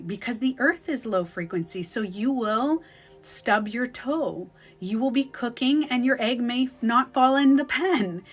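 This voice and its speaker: A woman with a mid-range voice talks casually as a spiritual coach on a phone livestream. She's animated and acts out the voices of the people she quotes.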